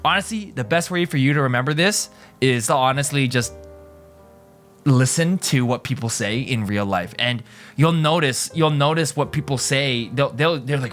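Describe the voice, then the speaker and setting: A man's voice: mid-range voice, moderate pace, fairly bright tone, faint music behind. A man teaching in a casual video lesson, explaining in loose restarts and often asking right?. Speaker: language teacher.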